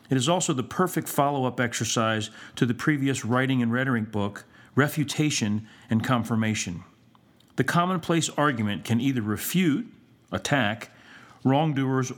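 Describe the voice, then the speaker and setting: A man narrating a scripted writing lesson in a measured way, stressing each word in a list. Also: medium pitch. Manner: measured, stresses words in lists. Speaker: writing teacher.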